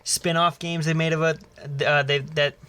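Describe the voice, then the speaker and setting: A man's voice: a little high, measured pace, clear, resonant tone, dry recording. A man co-hosting a casual podcast, telling stories with lots of swearing and acted-out voices. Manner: animated storyteller, swears freely, acts out voices in anecdotes. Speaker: podcast co-host. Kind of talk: casual chat.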